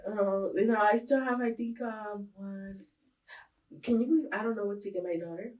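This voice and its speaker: A woman's voice: medium pitch, normal speed, a little mellow. Rambling, giggly woman co-host, off-mic. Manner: laughs often, rambling with many fillers. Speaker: podcast co-host. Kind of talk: casual chat. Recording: voices heard from a distance.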